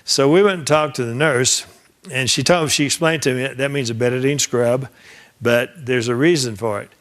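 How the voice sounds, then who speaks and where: An older man with an ordinary middle-pitched, fairly bright voice gives an anecdotal lecture at normal speed, swapping war stories with a class like a trial lawyer. Loose and conversational, he slips into the voices of people from his cases, often stopping and restarting mid-sentence and repeating words.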